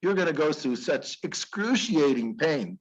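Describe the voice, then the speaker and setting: A man's voice: on the high side, big pitch swings, unhurried, dull audio. A man voicing God as a stern but caring deity who lectures and admonishes in an emphatic, repetitive way. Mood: earnest, admonishing. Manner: emphatic, scolding, pleading repetition. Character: God, stern yet caring, speaking to humans.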